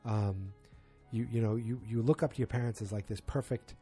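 Mellow husky man recapping a TV episode. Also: lowish voice, normal speed, faint music behind. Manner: rambling, animated, quotes characters. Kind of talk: casual spoken recap.

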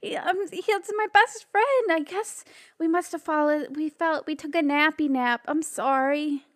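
A sweet, sleepy little boy in a tabletop role-play, talking in a squeaky, babyish voice that jumps high with excitement, as a woman puts him on. He sounds clingy and affectionate. He talks in a dry, close room. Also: normal speed, no room sound, natural voice.

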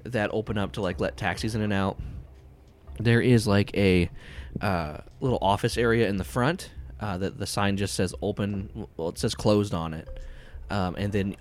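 A man's voice: fairly low pitch, normal speed, slight background noise. A man narrating a tabletop game as game master, rambling with many fillers. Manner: rambling, full of fillers, laughs often.

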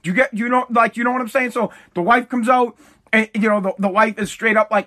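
A man with a very high, bright voice delivers a profane, fired-up rant from his home at night. He mocks the people he is complaining about and keeps pushing, full of heat. His tone stays sharp and cutting. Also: steady tone, brisk. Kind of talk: ranting monologue.

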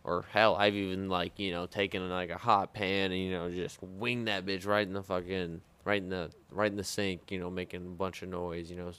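A man with a very deep, smooth voice telling kitchen stories on a casual podcast. He rambles and swears freely and leans on filler words. He speaks as a former sous chef. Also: flat delivery, normal speed, hardly any pauses, a bit bright.

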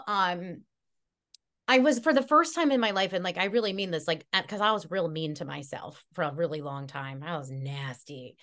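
A woman's voice: on the low side, fairly bright tone. Chatty heartfelt woman storyteller. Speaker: guest. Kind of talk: casual podcast conversation. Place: Connecticut.

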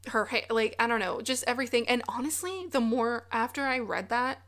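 A woman's voice: on the high side, brisk, fairly bright tone. A woman with a Texan accent, co-hosting a casual film podcast, rambling with playful asides. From Texas. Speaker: podcast co-host. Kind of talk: casual chat.

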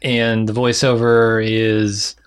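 A man's voice: lowish voice, level tone, slow, clear, resonant tone. A man co-hosting a casual TV recap podcast, talking things through thoughtfully with light puns. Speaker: podcast co-host.

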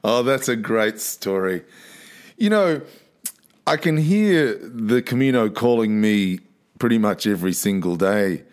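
A man hosting a podcast interview, asking questions and thanking his guest in an appreciative, expressive way. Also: on the low side, unhurried. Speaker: podcast host.

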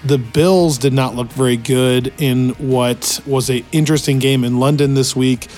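A man hosting a weekly football podcast, his voice worn out and hoarse, talking in an energetic, opinionated way. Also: medium pitch, unhurried, soft background music. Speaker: podcast host. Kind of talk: casual sports talk. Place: hotel room in Las Vegas.

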